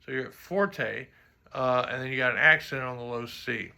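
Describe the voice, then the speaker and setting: Gravelly-voiced man coaching trombone. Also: medium pitch, normal speed, bright, forceful tone. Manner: talks through his own playing, sings rhythms. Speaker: trombone teacher. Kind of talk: music clinic instruction.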